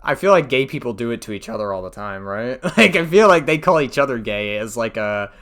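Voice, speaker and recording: Bright-voiced sarcastic male commentator. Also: mid-range voice, lively intonation, brisk. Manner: sarcastic, profane, mocking. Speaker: commentary host. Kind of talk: casual ranting reaction commentary.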